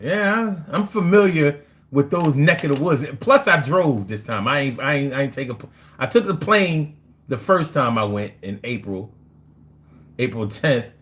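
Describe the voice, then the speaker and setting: Animated joking New man. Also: medium pitch, normal speed. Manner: loose, joking, slangy, laughs often. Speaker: live stream host reading chat. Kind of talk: casual live chat.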